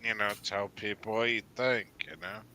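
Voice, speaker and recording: A man's voice: lowish voice, steady tone, moderate pace, crowd noise. A man from New England hosting a casual livestream chat, rambling with lots of fillers and swearing freely. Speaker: livestream host.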